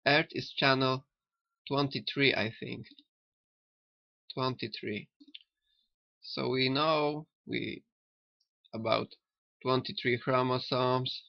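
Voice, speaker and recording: A man who learned later in life talks slowly, halting and repeating himself. His voice is gravelly and the recording is dry and dull, as if taken close up with a cheap mic. He muses on a cartoon in a loose, spiritual way. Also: medium pitch, fairly even intonation, dry recording. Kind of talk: rambling spiritual commentary on a cartoon. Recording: dull lo-fi sound.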